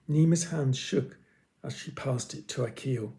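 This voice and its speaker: A man reading a children's story aloud with expressive, dramatic pauses. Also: medium pitch.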